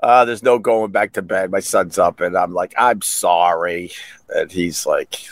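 A man's voice: deep voice, moderate pace, no echo. A middle-aged man hosting a podcast, telling stories in a rambling, joking, casual way. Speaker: podcast host. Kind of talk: casual solo chat.

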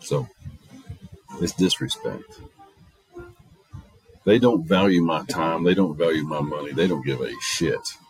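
A man's voice: sits low, unhurried, long pauses, dry recording, poor audio. A middle-aged man hosting a casual monologue, telling stories in a blunt, profane way. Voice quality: gravelly, husky. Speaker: podcast host.

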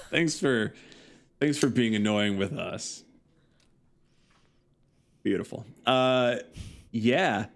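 A man's voice: medium pitch, animated, extremely slow, long pauses. A man co-hosting a podcast in casual chat, loose and joking with plenty of fillers. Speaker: podcast co-host.

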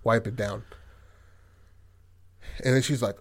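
A man's voice: medium pitch, fairly even intonation, slow, pauses often, a little mellow. A man casually retelling a movie's plot as a podcast host, in a loose, profane way full of filler phrases. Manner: loose and profane, full of "like" and "you know what I mean".

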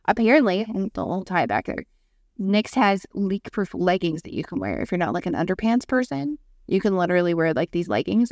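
A woman's voice: fairly low pitch, no echo, studio quality. A woman in her thirties, a podcast co-host, telling a story in casual chat and acting out the people she quotes. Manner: animated storytelling with acted-out quotes.

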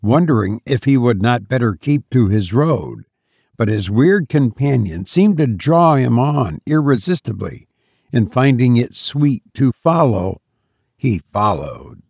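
A man narrating a story as an audiobook in a measured, deliberate manner. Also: mid-range voice, sing-song, a little mellow, slightly rough, no room sound, studio quality.

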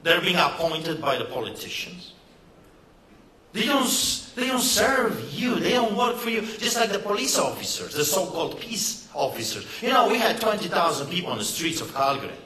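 A man's voice: sits high, big pitch swings, normal speed, pushed and bright, roomy sound, rough recording. A man giving an impassioned, emphatic rally speech with a sarcastic edge. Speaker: rally speaker. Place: event hall.

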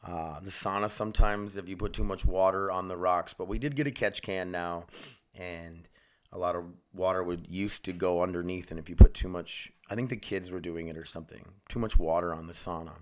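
A man's voice: low-pitched, fairly even intonation, brisk. A man hosting a solo podcast from home, rambling and easily sidetracked, frustrated with himself and swearing casually. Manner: frustrated, self-deprecating. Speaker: podcast host. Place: home studio room.

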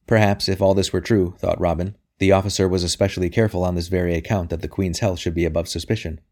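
A man narrating a novel as an audiobook reader, in a steady, even delivery. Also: sits low, quick pace. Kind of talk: scripted narration.

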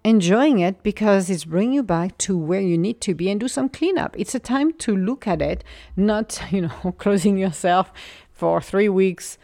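A woman in her forties giving an earnest, encouraging spiritual talk, sometimes sinking into a soft whisper. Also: medium pitch, animated, moderate pace, no echo, clean studio sound. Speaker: spiritual motivational speaker. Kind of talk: inspirational monologue.

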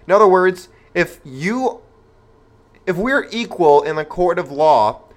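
Slow and lively in his intonation, this male host has a high-pitched voice. His podcast segment is an opinionated monologue, delivered emphatically and rhetorically straight to the audience.

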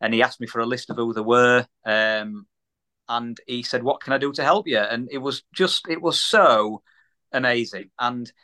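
Bright-voiced British man telling a story. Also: medium pitch, moderate pace. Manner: animated, repeats words, acts out quoted voices. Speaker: guest, small business owner. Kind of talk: casual podcast storytelling.

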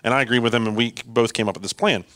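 A man telling a long story on a podcast as a guest, acting out what people said with lively jumps in voice and frequent restarts. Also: mid-range voice, very fast, dry recording. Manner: animated, acts out quoted dialogue, frequent restarts. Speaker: guest, landscaping business owner.

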